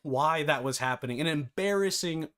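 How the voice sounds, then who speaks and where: A man's voice: a little high, normal speed, a bit bright. A man hosting a live-streamed game development tutorial, chatty and self-deprecating, often breaking into laughter.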